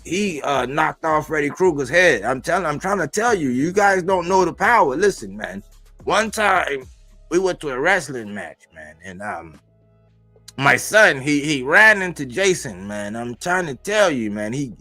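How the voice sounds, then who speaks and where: A bragging boxing dad who keeps saying "listen, man" and "my son" and never gets to the point, as a man puts him on. The voice sits a little lower than the man's usual talk. Faint music plays underneath. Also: very animated, normal speed, sharp tone, no room sound, heavily acted. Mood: boastful. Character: boastful father bragging endlessly about his boxer son.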